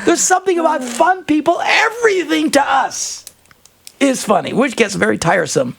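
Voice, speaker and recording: A man hosting an advice talk show, telling a comic story in an animated way and laughing often mid-sentence. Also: extremely high pitch, moderate pace, vocal fry. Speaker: radio show host. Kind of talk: comedic relationship advice talk.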